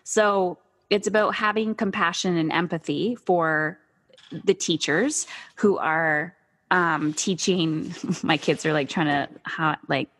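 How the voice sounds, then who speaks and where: A woman hosting a podcast interview, telling stories and acting out herself and her kids in a lively, casual way. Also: fairly low pitch, slow pace. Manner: animated storytelling, acts out her kids and herself. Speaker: podcast host.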